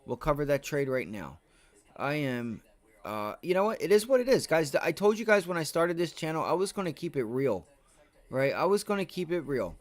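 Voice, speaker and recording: A man's voice: on the high side, big pitch swings, normal speed, no echo. A tired man hosting a trading livestream, rambling to his chat with many restarts. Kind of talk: casual live-stream talk.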